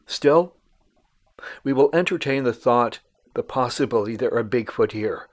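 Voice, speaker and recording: A man hosting and narrating a documentary-style outdoor show in a measured, dramatic storyteller manner. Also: medium pitch. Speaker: host.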